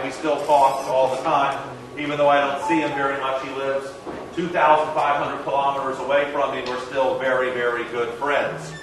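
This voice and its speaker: A man's voice: medium pitch, background noise. Echoey distant man telling a story. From American South. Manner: animated storyteller acting out dialogue. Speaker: motivational speaker. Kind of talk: storytelling keynote talk. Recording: echoey hall, distant mic.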